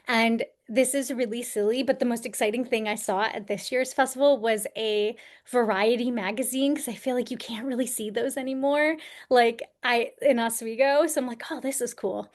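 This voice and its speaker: A woman's voice: on the high side, steady tone, moderate pace. A woman from New York State, a career coach and actor, chatting animatedly as a podcast guest over a video call. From Poughkeepsie, New York. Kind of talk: casual interview chat.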